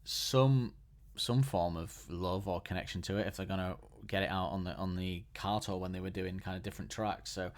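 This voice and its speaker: A man's voice: low voice, steady tone, normal speed, few pauses. A man hosting a podcast alone, chatting casually and enthusiastically, often restarting his sentences. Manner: enthusiastic, rambling, frequent restarts. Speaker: podcast host. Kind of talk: casual solo podcast chat.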